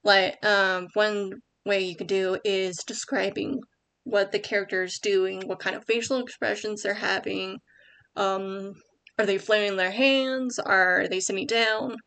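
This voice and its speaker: A woman's voice: mid-range voice, fairly even intonation, unhurried, a bit bright, clear, resonant tone. Young woman, writing tips tutorial, casual, rambling, lots of fillers, self-correcting. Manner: rambling, many ums and likes, self-correcting. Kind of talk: casual screen-share tutorial.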